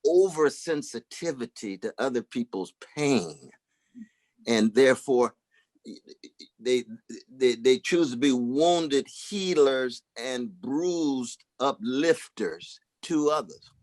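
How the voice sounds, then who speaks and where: A man's voice: mid-range voice, animated, slow, a little mellow, no room sound. Male co-host, mid-range, dry close sound, emphatic and preacherly. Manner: emphatic, preacherly, repeats words for stress. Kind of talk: reflective discussion.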